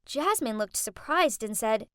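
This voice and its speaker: A young woman narrating a first-person animated story in a lively, dramatic way. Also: on the high side, a little slow, clear, resonant tone, no echo, clean studio sound.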